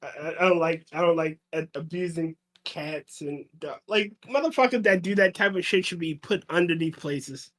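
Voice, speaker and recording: A man with a high-pitched voice talking casually on a podcast. He rambles and stumbles, repeating words as he gets his thoughts out. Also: normal speed, hardly any pauses, a bit bright. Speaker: podcast co-host.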